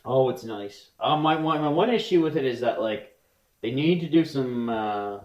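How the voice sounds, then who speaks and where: A young man co-hosts a relaxed podcast, talking at a middle pitch. He rambles, restarts his thoughts and shifts between quick bursts and slow stretches. His voice rings in a noticeably echoey room. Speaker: podcast co-host. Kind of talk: casual chat. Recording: roomy echo.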